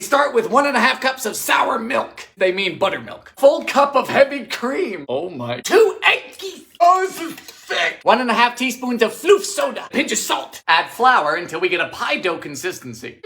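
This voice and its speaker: A man hosting a comic cooking show, talking sarcastically through recipes in his home kitchen and bursting into loud exclamations. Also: high voice.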